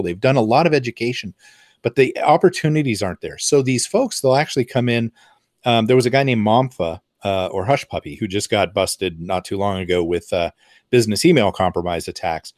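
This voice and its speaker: A man's voice: medium pitch, dry recording. Man explaining in a dry, close sound. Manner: conversational, with lots of fillers and asides. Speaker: presenter. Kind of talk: explanatory talk.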